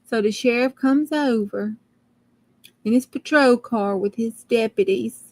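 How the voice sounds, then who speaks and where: A woman's voice: on the high side, lively intonation, measured pace, dry recording. A woman telling a folksy story in a dramatic, chatty way. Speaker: craft vlogger.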